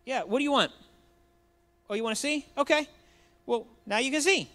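A man's voice: very high voice, animated, moderate pace, pushed and bright, pitched above the performer's own voice, exaggerated voice. A man voicing a laid-back, matter-of-fact adult male miracle worker in a sermon retelling, talking casually and offhandedly. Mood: offhand.

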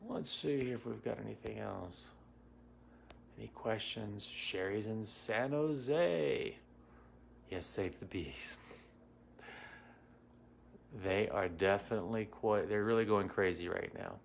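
This middle-aged man, a psychic medium, hosts a casual livestream at home in Washington, D.C., naming viewers as he greets them and answering comments with lots of fillers. His voice is on the low side, slow and gravelly, with frequent pauses and slight background noise.

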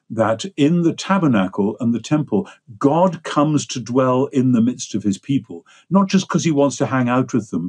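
A man's voice: mid-range voice, a little mellow, slightly rough. An older man with an English accent, explaining ideas at length in a discursive, lecturing way as an interview guest. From England. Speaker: guest theologian.

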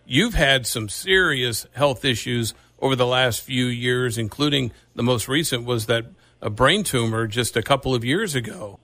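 A man interviewing a guest in an earnest, halting way with frequent restarts. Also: medium pitch, bright, forceful tone, dry recording. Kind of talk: conversational interview.

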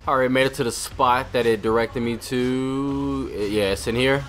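A man giving casual commentary over his video game playthrough, profane and excitable, full of trash talk. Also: medium pitch, normal speed. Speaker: gaming channel host.

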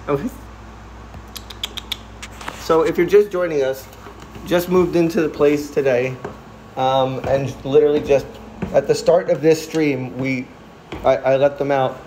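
On a livestream from the house he has just moved into, a young man chats casually, rambling, restarting and correcting himself. He coos to his cats in a high, soft voice, and the rough recording carries a little hiss or hum.

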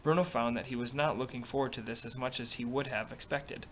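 A man reading a novel aloud in a steady, even way, with small slips and restarts. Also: mid-range voice, fairly quick, slight background noise, rough recording. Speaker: reader.

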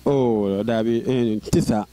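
Man who stutters, mellow voice. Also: medium pitch, takes it slowly. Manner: stutters, with repeated syllables and restarts. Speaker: interview guest. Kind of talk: personal life-story interview.

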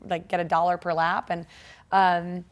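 A woman's voice: lowish voice, normal speed. A woman in her forties, a triathlete guest, telling a story in a casual interview, laughing and acting out quotes. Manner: animated, laughing, acts out quotes.

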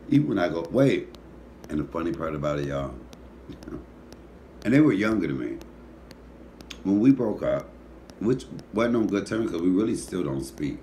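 A man with a very low voice runs a loose comedic monologue, lively and foul-mouthed as he teases his audience. A faint background hiss sits under his talk. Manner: animated, profane, teasing storytelling.

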